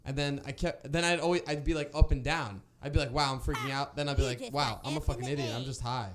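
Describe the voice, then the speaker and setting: A man's voice: medium pitch, fairly even intonation, fast, crowd noise. A young man telling a story in casual chat, rambling and restarting often. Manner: rambling, many restarts and fillers.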